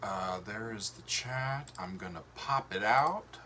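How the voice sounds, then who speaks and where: A man hosting a livestream, chatting casually with viewers in a relaxed, rambling way with lots of fillers and a drawl. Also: medium pitch, takes it slowly, creaky, a little hiss or hum. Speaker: show host.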